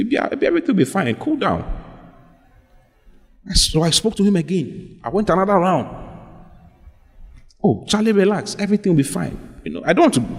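A male pastor preaching a sermon, telling a story and acting out both sides of the conversations. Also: high voice. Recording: echoey hall reverb.

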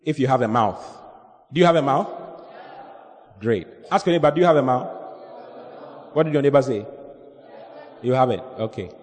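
A man's voice: mid-range voice, expressive, normal speed, long pauses. A man pastoring a church service, preaching a sermon and leading the congregation in call-and-response. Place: church hall. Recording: long hall reverb with faint music.

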